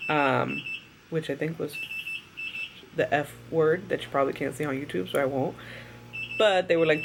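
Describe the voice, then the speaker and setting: Tired young woman chatting, slightly gravelly. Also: deep voice, a little hiss or hum. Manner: chatty, rambling with many fillers. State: tired and drowsy after surgery. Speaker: vlogger. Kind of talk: casual storytelling vlog.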